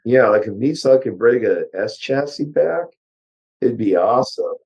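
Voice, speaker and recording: An older man, a car engineer, chatting bluntly and ramblingly as an interview guest, his voice hoarse. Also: mid-range voice, animated, normal speed, a little mellow, lo-fi sound. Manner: blunt, rambling, with many fillers. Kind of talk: casual interview chat.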